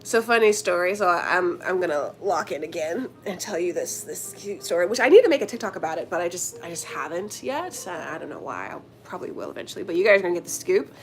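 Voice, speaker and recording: A woman's voice: fairly low pitch, lively intonation, fast talker, few pauses, soft background music. A young woman chatting casually to her viewers, telling a story with lots of slang, fillers and giggles. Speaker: vlogger answering viewer questions.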